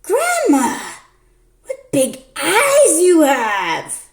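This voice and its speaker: A small timid girl in a red hood pipes up in a high, wide-eyed voice, as a woman puts her on. She is polite and quick to say sorry, and the reading rings around an echoey room. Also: huge pitch swings, full character voice.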